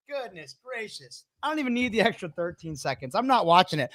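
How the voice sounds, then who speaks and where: A man's voice: high-pitched, big pitch swings, fairly quick, hardly any pauses, fairly bright tone, no room sound, clean studio sound. A man on a remote podcast call, delivering a heated rant and swearing constantly. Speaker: podcast guest. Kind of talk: profane rant.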